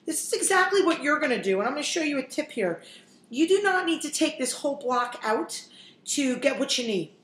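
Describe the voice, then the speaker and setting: Cooking host, woman, 40s, high and chatty with wisecracks, roomy echoey kitchen. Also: big pitch swings, brisk, a bit bright. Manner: chatty, jokey, talks straight to viewers. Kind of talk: casual cooking demonstration.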